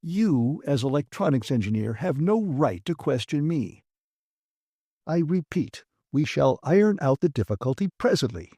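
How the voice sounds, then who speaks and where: A man narrating an audiobook, voicing a pompous male station director who speaks calmly and condescendingly. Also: fairly high pitch, normal speed, no room sound, clean studio sound, voice pushed up. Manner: calm, condescending, sarcastic. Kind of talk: audiobook character voice.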